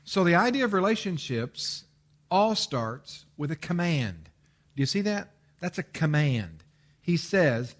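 Guy preaching a sermon, kinda high voice, leans hard on the commands, lots of uh and restarts. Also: lively intonation, normal speed. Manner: emphatic, repeats commands with stress; explains with everyday examples, frequent "uh" and restarts. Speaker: pastor.

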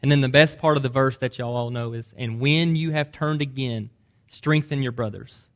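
A man's voice: mid-range voice, moderate pace, a bit bright. A man preaching a sermon, earnest and emphatic, pressing hard on key points. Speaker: pastor.

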